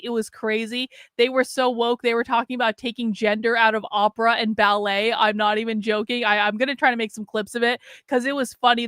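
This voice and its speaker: A woman's voice: a little high, a bit bright, smooth, dry recording, clean studio sound. Blunt, sarcastic woman hosting a livestream. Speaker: livestream host. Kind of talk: livestream commentary.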